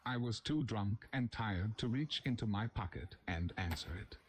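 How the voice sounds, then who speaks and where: A young man reading a scary first-person story aloud as a narrator, with a steady, even storytelling delivery. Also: on the low side, normal speed, slight background noise. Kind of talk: scripted horror story narration.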